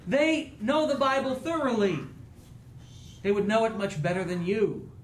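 A man's voice: high-pitched, animated, a little slow, roomy sound, low-quality recording. A man preaching a sermon as pastor, with an earnest, rising and falling preaching cadence.

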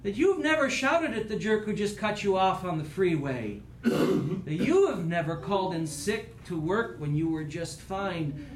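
A man's voice: high-pitched, reverberant, slight background noise, poor audio. A man preaching a sermon as pastor, with an earnest, rising and falling preaching cadence.

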